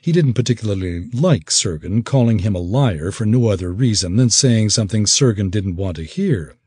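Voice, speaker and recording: A man reading an audiobook in expressive, measured scripted narration. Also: fairly low pitch, breathy edge, no room sound.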